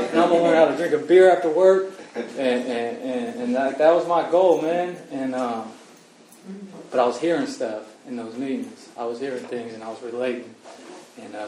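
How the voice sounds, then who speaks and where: A man sharing his recovery story at a meeting, halting and earnest with many restarts, emotional. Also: medium pitch, a little mellow, slight background noise. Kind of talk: personal recovery testimony. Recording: roomy echo, far from mic, faint ambience.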